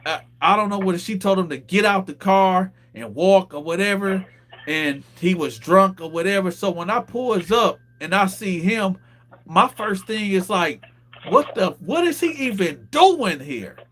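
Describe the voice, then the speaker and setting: A man hosting a casual talk show, telling a street story with lively acted-out quotes. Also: high voice, moderate pace. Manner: animated storyteller, acts out quoted voices. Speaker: host.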